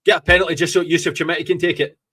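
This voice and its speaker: A Scottish man hosting a fan podcast, reacting live to a football match in an excitable, gloating way and swearing freely. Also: on the high side, rapid-fire.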